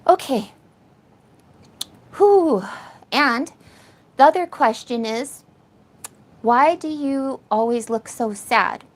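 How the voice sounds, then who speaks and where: A woman's voice: on the high side, fairly bright tone. A middle-aged woman on a casual phone livestream, teary from crying and rambling emotionally to her viewers. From Canada. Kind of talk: casual live-stream chat. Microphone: cheap phone.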